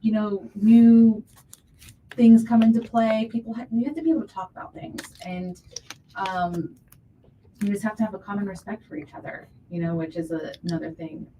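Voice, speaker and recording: A woman's voice: medium pitch, fairly even intonation, moderate pace, warm tone, slight background noise, rough recording. An American woman hosting a casual chat, agreeable and reflective. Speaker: host.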